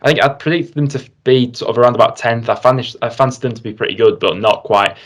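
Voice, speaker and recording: A man's voice: medium pitch, quick pace. A young man, a guest in a casual football chat, easygoing and thinking aloud with "um" and "sort of".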